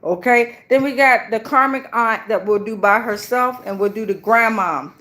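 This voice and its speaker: A woman's voice: fairly high pitch, normal speed, sharp tone. A woman doing a casual live tarot reading, blunt and chatty with a lot of profanity and slang. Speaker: tarot reader.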